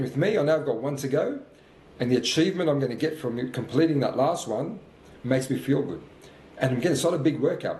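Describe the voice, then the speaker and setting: A man's voice: medium pitch, darkish tone. Winded man in his fifties coaching. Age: 50s. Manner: earnest, repetitive motivational talk. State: out of breath between sprints. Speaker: fitness coach. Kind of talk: motivational workout vlog. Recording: roomy sound with faint background noise.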